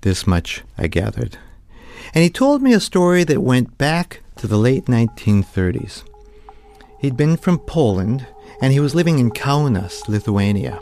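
A man telling a true story as a storyteller, in a measured, vivid way. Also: medium pitch, big pitch swings, a little mellow, dry recording, faint music behind. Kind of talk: spoken storytelling.

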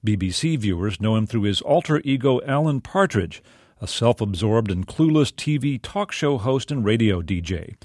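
A man reading a scripted radio introduction in a smooth, measured way. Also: fairly low pitch, expressive, a little mellow, no echo, clean studio sound. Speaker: radio announcer.

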